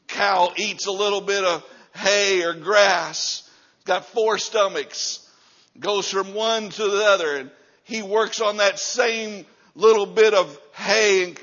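Preacher man, high voice, building to shouts. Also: highs cut off. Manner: builds from low and quiet to loud shouting. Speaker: pastor. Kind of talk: sermon.

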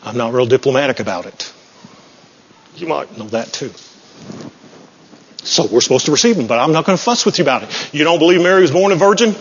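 A man's voice: on the high side, lively intonation, fast talker, pauses often, a little hiss or hum. A man preaching a sermon in a church, folksy, joking and self-deprecating. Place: church sanctuary. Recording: muffled, with long hall reverb.

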